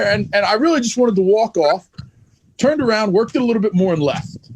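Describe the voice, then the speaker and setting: A man's voice: high-pitched, animated, fairly quick. A man who is a wrestler guest, telling a story in a blunt, profane, heated way in a casual interview.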